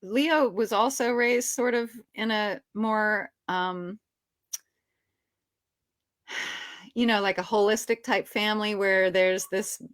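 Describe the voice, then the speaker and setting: A woman's voice: mid-range voice, steady tone, takes it slowly, long pauses, fairly bright tone, dry recording, studio quality. A woman actress as an interview guest, telling behind-the-scenes stories in a chatty way with many "you know"s. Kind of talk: casual storytelling interview.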